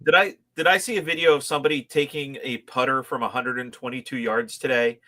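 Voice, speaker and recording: Man, bright sharp voice, teasing asides, casual golf chat. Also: medium pitch, steady tone. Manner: quick asides and teasing remarks. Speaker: podcast co-host.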